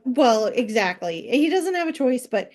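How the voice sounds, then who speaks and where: A woman co-hosting a casual book podcast, chatty, adding her own take and quick agreements. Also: on the high side, very animated, a little mellow. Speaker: podcast co-host. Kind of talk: casual book recap chat.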